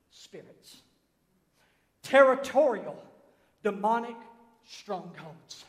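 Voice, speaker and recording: Southern pastor preaching in a church hall, real high voice, booming echo all around. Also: male voice. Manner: fiery and folksy, shouting one moment and confiding the next. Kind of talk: sermon. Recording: echoey hall.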